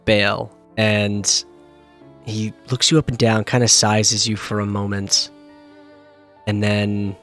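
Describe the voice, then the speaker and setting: Slow-talking male game master. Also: lowish voice, little pitch movement, a bit bright, soft background music. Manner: unhurried, searching for words. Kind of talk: narrating a tabletop game.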